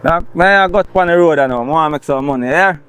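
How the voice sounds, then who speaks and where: An actor with a Jamaican accent playing a boastful young robber who bosses and laughs. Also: male voice, on the high side, fast, fairly bright tone, clean tone, lightly acted. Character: cocky young male street robber.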